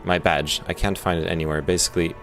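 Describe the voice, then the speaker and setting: Male streamer, low voice, casual, reads dialogue options out, game music behind. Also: fast talker. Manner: reads dialogue choices aloud, relaxed. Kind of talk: casual gameplay commentary.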